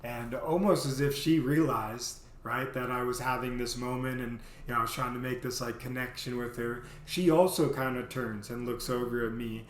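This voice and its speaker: A man's voice: medium pitch, steady tone, moderate pace, few pauses, slight background noise. Rambling man telling a story, roomy echo. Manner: rambling, heavy on "you know" fillers. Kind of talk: casual storytelling.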